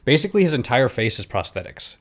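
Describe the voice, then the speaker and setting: A man's voice: mid-range voice, very animated, fast talker. A man co-hosting a casual movie chat, telling behind-the-scenes trivia and laughing at his own stories. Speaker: podcast co-host.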